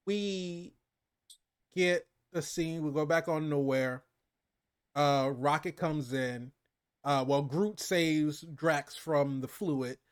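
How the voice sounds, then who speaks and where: A man talking through a film recap in a casual chat, his voice sitting a touch high. He tells the story with energy, slipping into quoted lines and laughing as he goes. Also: clean tone. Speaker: movie review co-host.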